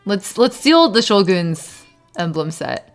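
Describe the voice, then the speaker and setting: Chatty woman streamer with a lively voice. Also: slow, faint music behind. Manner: chatty, thinks aloud, switches into Mandarin at times; laughs often, bursts into high excited yelps. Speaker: variety streamer. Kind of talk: casual live-stream chat.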